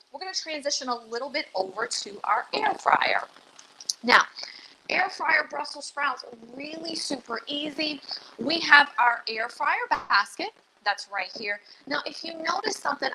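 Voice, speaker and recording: A woman's voice: high voice, vocal fry, bright, forceful tone, slight background noise, rough recording. A woman hosting a live cooking demonstration as a dietitian, chatty, upbeat and a little nervous. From Louisiana. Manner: chatty and self-deprecating, nervous but upbeat.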